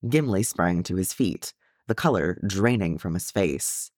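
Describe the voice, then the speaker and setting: A man reading a fan fiction story aloud with expressive narration. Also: low voice, a little slow, no room sound, studio quality. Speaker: reader.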